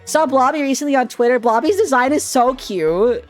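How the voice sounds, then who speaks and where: A young man chatting on a live stream as a VTuber, excitable, giggly and rambling, with a lot of laughter. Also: very high-pitched, moderate pace, faint music behind. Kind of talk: casual live-stream chat.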